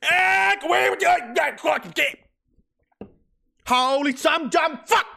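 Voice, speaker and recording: A man voicing an angry Cape Breton man with a Cape Breton accent, shouting in slurred, hard-to-follow words. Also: very high voice, a little slow, gravelly, voice pushed up, exaggerated voice.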